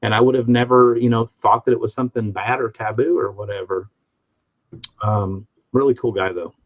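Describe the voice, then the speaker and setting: A man's voice: medium pitch, steady tone, brisk, narrow, tinny audio. Rambling man from the Midwest, hosting. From Midwest of the United States. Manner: rambling storyteller with frequent restarts. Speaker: host reading live chat. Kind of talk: casual live-stream chat.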